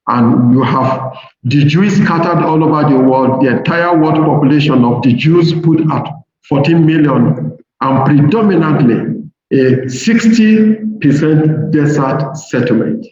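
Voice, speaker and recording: Nigerian professor lecturing in an echoey hall. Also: male voice, on the high side, darkish tone. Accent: Nigerian English. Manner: measured, deliberate, slows to stress key points. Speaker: professor giving a seminar lecture. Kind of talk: academic lecture reading from slides. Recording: very echoey hall, dull lo-fi sound, faint noise.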